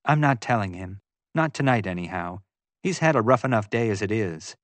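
A man voicing an earnest young woman who talks in a hurried way. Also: on the low side, animated, no room sound, lightly acted.

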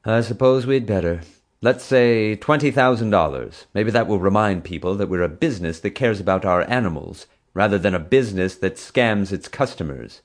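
A man's voice: fairly low pitch, moderate pace, voice pushed up, natural voice. A man voicing a stern, bossy female park boss. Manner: curt, bossy, clipped orders.

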